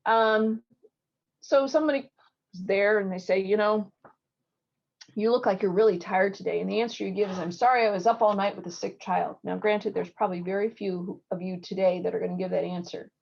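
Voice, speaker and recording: A middle-aged woman surgeon coaches applicants in an online session, mid-pitched and lively. She tells stories and acts out the voices in them. Her audio is a touch dull and lo-fi, as on a video call. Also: brisk, gravelly. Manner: lively storytelling with acted quotes. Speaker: surgeon giving interview advice. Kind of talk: online talk.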